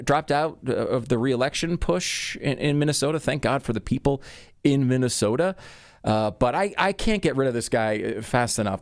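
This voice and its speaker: A man guest commentator on a political talk show, exasperated and halting, restarting his sentences often. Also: mid-range voice, dry recording.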